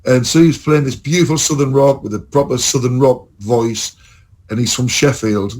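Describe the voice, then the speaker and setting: A man's voice: mid-range voice, a little fast, a little hiss or hum, poor audio. A man telling long, rambling, sweary stories as a podcast host in casual chat.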